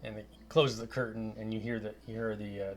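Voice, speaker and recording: Brief: male game master, lowish voice, halting narration, soft music bed. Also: level tone. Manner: halting, many fillers and restarts.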